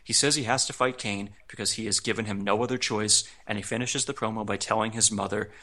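Bright-voiced male podcast host. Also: on the low side, fast. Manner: recaps events in a relaxed, amused tone with frequent laughs. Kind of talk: casual wrestling recap chat.

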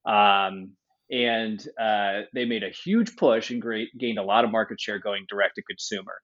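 A man who is a business guest on a podcast, talking business in a measured way with frequent fillers. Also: fairly low pitch, steady tone, a bit bright. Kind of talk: conversational business talk. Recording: dull lo-fi sound.

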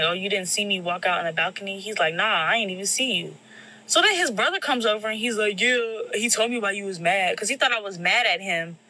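A woman's voice: on the low side, pushed and bright, poor audio. A young woman telling a casual storytime vent about her boyfriend, blunt and swearing, acting out the people she quotes. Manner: blunt, swearing, exasperated retelling with quoted voices.

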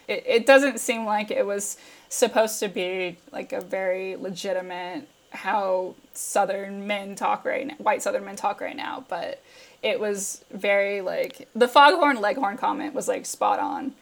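A woman's voice: mid-range voice, a little slow, vocal fry. A woman speaking as a guest commentator in casual chat, chatty and full of fillers and laughs.

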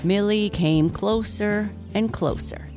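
A woman reading a bedtime story aloud, gentle and measured. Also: medium pitch, faint music behind.

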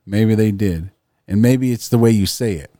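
A man's voice: lowish voice, moderate pace, warm tone, no echo, clean studio sound. A man co-hosting a podcast, joking and swearing in rambling casual chat. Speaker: podcast co-host.

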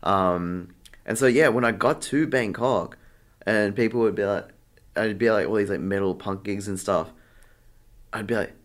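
A young Australian artist, interviewed as a guest, chats casually and acts out the exchanges in his story with lots of fillers. His voice sits on the low side at a moderate pace.

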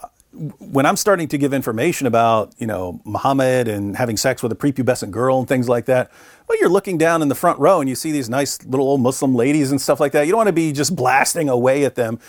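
A middle-aged man speaking with mid-range pitch, recorded close and dry with no room sound. He is a guest telling an anecdote in a conversational way and briefly puts on the voices of people he quotes. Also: fast talker, no room sound. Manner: animated, acts out quoted voices. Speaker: interview guest. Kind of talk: conversational storytelling.

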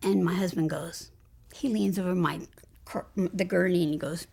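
A woman guest in an interview, earnestly recounting a personal spiritual experience and often dropping into a hushed whisper. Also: fairly low pitch, steady tone, normal speed, vocal fry, husky. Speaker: guest telling her near-death story.

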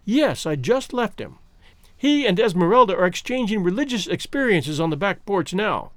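A man's voice: high-pitched, big pitch swings, moderate pace, fairly bright tone, dry recording. A man voicing a proud young woman who speaks in a cold, level, cutting way, in a dry close recording. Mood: polite.

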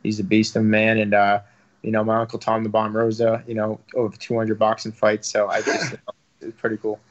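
A young man talks fast in an even, flat tone, piling up fillers and casual swearing as an interview guest. The audio is a little dull and lo-fi. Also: on the low side. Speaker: professional fighter and guest.

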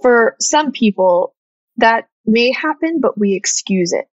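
Woman, former therapist, emphatic, quick interjections, dry sound, slightly muffled audio. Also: on the high side, expressive, no room sound. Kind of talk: casual podcast conversation.

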